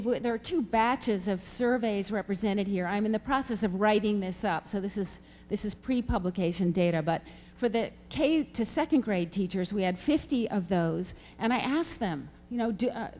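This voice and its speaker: A woman's voice: fairly high pitch, a little mellow. A middle-aged woman researcher giving an emphatic conference talk to an audience, posing questions as she presents her findings. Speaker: reading researcher speaking at a symposium. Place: lecture hall. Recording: long hall reverb.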